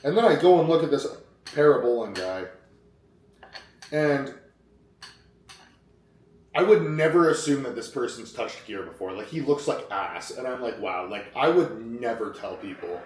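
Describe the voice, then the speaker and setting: A man's voice: medium pitch, sing-song, moderate pace, pauses often, darkish tone, reverberant. A young man talking casually in a fitness vlog, rambling and acting out what other people said. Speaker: fitness vlogger. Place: kitchen at home, then a gym.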